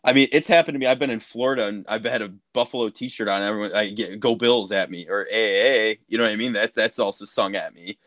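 A man hosting a podcast, chatting in a relaxed, agreeable way with frequent fillers. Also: on the low side, quick pace, few pauses, no room sound. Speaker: podcast host. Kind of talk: casual interview chat.

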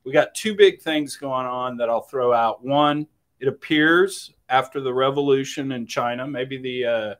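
A man co-hosting a casual podcast, joking and telling stories with animated energy. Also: medium pitch. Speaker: podcast co-host. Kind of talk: casual chat.

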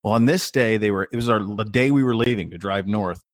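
A man's voice: lowish voice, brisk, no echo, studio quality. A middle-aged man co-hosting a podcast in casual chat, a rambling storyteller who often restarts his sentences. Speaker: podcast co-host.

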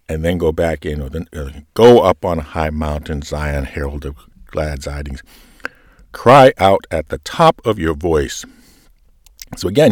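A man's voice: low voice, a little mellow, no echo, clean studio sound. A man explaining to church readers how to pace and voice a scripture reading, then demonstrating it. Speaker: lector coach. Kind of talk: reading instruction.

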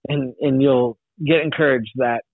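A man's voice: medium pitch, steady tone, measured pace, no echo. Young man, podcast guest, rambling casual testimony, dry close sound through a tinny phone-like line. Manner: rambling, many restarts and likes.

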